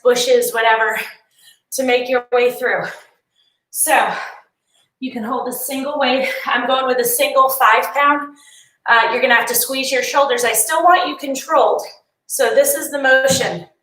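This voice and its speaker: A woman's voice: high voice, a bit bright, distant mic. A woman leading a home workout, chatty and encouraging, swapping stories between exercise cues, tired and yawning. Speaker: fitness instructor. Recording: echoey room, voice a bit off-mic.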